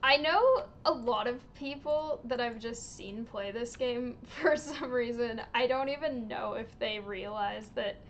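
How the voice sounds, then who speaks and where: A woman livestreaming a game, chatting casually in an unhurried way, with lots of little laughs and ums. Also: a little high, dull audio, a little hiss or hum. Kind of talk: casual chat while streaming a game.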